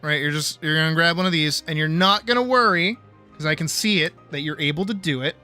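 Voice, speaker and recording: A man with a high, bright voice is teaching art on a casual stream. He is blunt, cheeky and profane, and faint music sits under his talk. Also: a little fast, clear, resonant tone. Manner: blunt, teasing, profane, lecturing with playful bravado.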